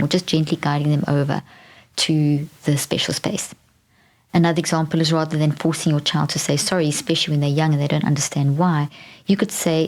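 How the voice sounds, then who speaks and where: A woman with a low speaking voice hosts a podcast and explains parenting advice to listeners. She talks conversationally and restarts her sentences, and at times she lowers her voice to a soft whisper. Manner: drops to a soft whisper when modeling gentle phrases. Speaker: podcast host. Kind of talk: teaching talk to parents.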